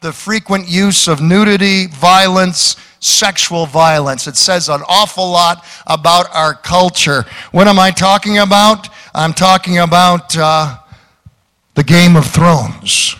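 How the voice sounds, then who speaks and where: A pastor preaches slowly in a bright, tense voice, mixing homespun jokes with forceful declarations. His voice rings with a long reverb through a church hall. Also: high voice, steady tone. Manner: folksy preaching with jokes and emphatic calls. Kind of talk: sermon.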